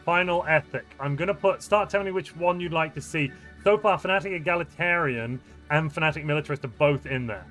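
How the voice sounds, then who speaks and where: A man with a high-leaning, fairly bright voice talks briskly with few pauses while live-streaming a strategy game. He reads viewer messages and jokes around playfully, with faint music in the background.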